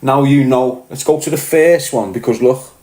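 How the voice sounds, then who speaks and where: A man with a Scouse accent holds forth in a casual podcast monologue, blunt and full of swearing, checking again and again that his listeners follow him. His voice sits at an ordinary pitch, and the room around him rings with a noticeable echo. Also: moderate pace, a little mellow. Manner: blunt, swearing, keeps asking "do you get what I'm saying". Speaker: podcast host.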